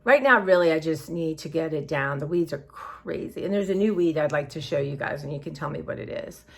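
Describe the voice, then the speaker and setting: Low-voiced woman chatting rambly to viewers. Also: lively intonation, brisk, gravelly, slightly rough. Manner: scattered, chatty, says y'all often. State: tired and emotional. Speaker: vlogger. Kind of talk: casual rambling chat to viewers.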